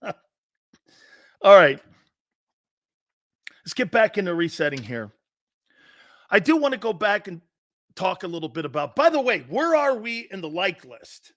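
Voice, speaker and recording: A man's voice: sits high, very animated, unhurried, long pauses. A middle-aged man hosting a sports talk show, rambling through stories and laughing often. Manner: rambling storyteller, laughs a lot, quotes others. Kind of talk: casual live-stream sports talk.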